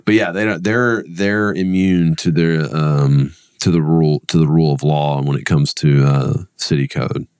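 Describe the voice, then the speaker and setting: A man's voice: extremely low pitch, steady tone, moderate pace, hardly any pauses, a little mellow, smooth, dry recording, clean studio sound. A man hosting a podcast, chatting casually and rambling with frequent restarts. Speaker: podcast host. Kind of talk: casual interview chat.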